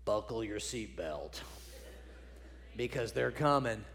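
A man preaching a sermon, building to loud emphatic peaks and dropping to quiet, low points. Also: expressive, slow pace. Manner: drops to low quiet tones on key points.

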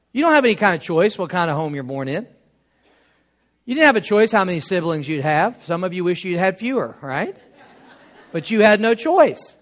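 High-voiced pastor joking with his congregation. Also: fairly bright tone. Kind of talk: sermon.

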